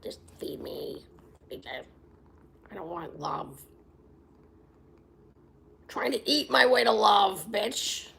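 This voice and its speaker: A woman voicing her hungry, cranky female house cat in a low, half-whispered grumble. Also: animated, drawn-out words, creaky, pauses often, a bit bright, exaggerated voice.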